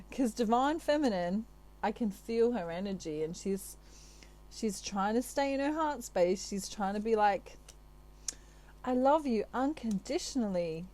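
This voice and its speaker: A woman chats playfully to her viewers as a tarot reader, breaking into frequent giggles. She talks in an unhurried, mellow voice. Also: a little high, lively intonation. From Australia. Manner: chatty, giggly, playful asides. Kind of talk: casual chat to camera.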